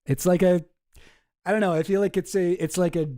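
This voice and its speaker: A man's voice: high voice, steady tone, brisk, dark tone, no echo, clean studio sound. A man hosting a stream, reacting to clips with rambling, profane, sarcastic chat. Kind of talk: casual chat.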